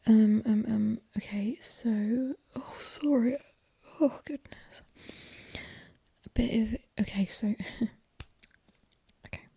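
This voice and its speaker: A woman's voice: fairly high pitch, slow pace, creaky, pauses often, warm tone, husky, no room sound. A woman in a whispered ASMR chat who rambles with many fillers and slips in and out of put-on regional accents. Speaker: ASMR host. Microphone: stereo ear-to-ear ASMR mic.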